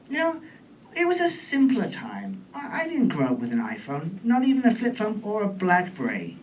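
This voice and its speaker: A man's voice: high voice, wildly swooping pitch, normal speed, distant mic, slight background noise. Camp British man doing stand-up. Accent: British English. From England. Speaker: stand-up comedian. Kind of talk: stand-up comedy set. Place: comedy club stage.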